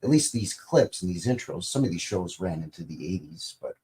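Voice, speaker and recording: His voice sits low with a dark tone, and he talks animatedly and a little fast. As a casual livestream host, he rambles, greets viewers, reads their comments out and jokes lightly, with some mild swearing.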